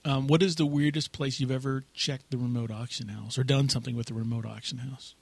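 A man's voice: mid-range voice, steady tone, fast talker, vocal fry, breathy edge, no echo. A man hosting a podcast, chatting casually and teasing his co-host, laughing often. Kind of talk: casual chat.

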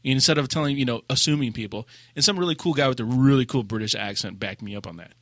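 A podcast co-host with a medium-pitched voice tells a raid story at a quick pace on a casual gaming show, acting out quotes with lively energy and laughing along. The studio sound is clean, with no room sound.

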